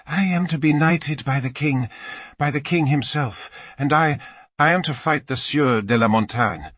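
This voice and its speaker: A man's voice: a little high, measured pace, a bit bright, no echo, voice pushed up. A man voicing a fervent young male squire who speaks in old-fashioned, emotional phrases. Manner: archaic speech, fervent and emotional. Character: eager, earnest young male squire, boyish.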